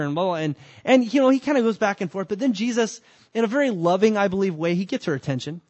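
A man preaching a sermon in a conversational way, with emphatic bursts and slow, drawn-out lines. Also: high-pitched, lively intonation, darkish tone, no room sound. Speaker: pastor.

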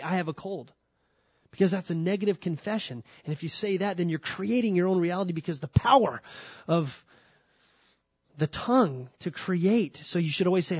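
A man's voice: on the high side, slightly rough, dry recording. Man preaching a conversational sermon. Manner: conversational, dry humor, frequent restarts. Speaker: pastor. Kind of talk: sermon teaching on scripture.

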